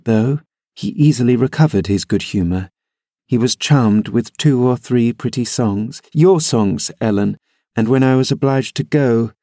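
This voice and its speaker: A man narrates a classic novel in a measured, expressive audiobook style. His voice is low and gravelly with a dark, mellow tone. The recording is dry and close. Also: dry recording. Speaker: audiobook reader.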